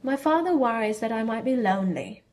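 A woman's voice: fairly high pitch, lively intonation, fairly quick, a little mellow, natural voice. A woman voicing a fierce, blunt teenage witch girl who speaks in a snappish, contemptuous way. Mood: subdued.

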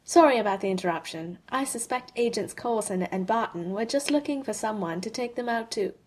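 Cool dry spy lady, brisk, husky, bit high, woman reader doing her. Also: expressive. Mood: wry.

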